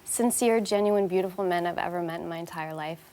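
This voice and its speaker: A woman's voice: fairly low pitch, fairly quick, a crowd in the background. Chatty young Canadian woman. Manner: warm, chatty, laughs easily. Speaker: actress guest. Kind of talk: casual interview talk.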